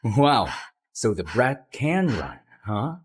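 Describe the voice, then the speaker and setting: An actor playing a blunt, sarcastic young man in an animated story, teasing dryly and turning quietly reflective when he speaks of his past. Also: mid-range voice, slow pace, husky, heavily acted.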